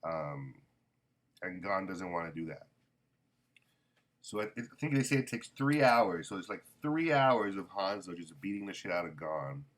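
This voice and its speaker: A man's voice: sits low, very animated, moderate pace, fairly bright tone. A man casually reviewing a manga volume, rambling with many ums and self-corrections.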